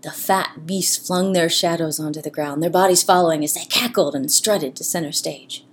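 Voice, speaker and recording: A woman narrating a comic story in an expressive, playful way. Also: sits low, moderate pace, a little hiss or hum.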